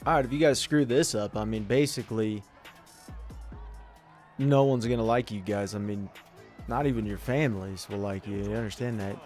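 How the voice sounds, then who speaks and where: A man's voice: on the low side, normal speed, pauses often, soft background music. A young man giving casual, joking commentary over a football video game, trash-talking his players as he plays. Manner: loud, joking trash talk at the screen. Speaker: gaming commentator.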